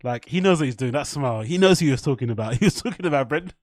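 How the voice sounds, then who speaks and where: He talks very fast in a mid-range voice, with studio quality and no room sound. The young host of this casual live stream reacts excitedly to chat and a fight, full of swearing, laughter and playful fake-French bits.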